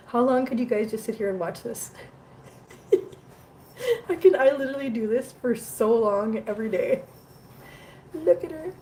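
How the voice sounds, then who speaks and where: A woman's voice: high-pitched, animated, moderate pace, pauses often, a little mellow, slight background noise. A woman hosting a casual live stream from home, chatting with viewers and cooing at her cats in baby talk. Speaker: cat channel host.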